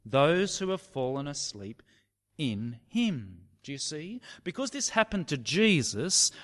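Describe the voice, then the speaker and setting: A man preaching a sermon, slow and emphatic, sometimes dropping his voice to a near whisper for effect. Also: a little high. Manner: slow, emphatic preaching with dramatic drops to a hush. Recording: long reverb of a large hall.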